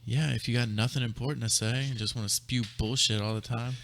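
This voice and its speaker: A man in casual podcast banter, blunt and sarcastic with a joking edge. His voice is bright and forward, at a mid pitch. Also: steady tone, fast, gravelly. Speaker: podcast co-host. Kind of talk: casual chat.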